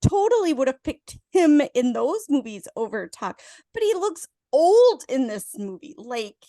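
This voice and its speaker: Female co-host, high-pitched, teasing, laughs a lot, dry recording. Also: very animated, a little slow, mellow, dry recording. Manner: teasing, laughs often, argues back. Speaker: podcast co-host. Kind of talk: casual drunk movie review chat.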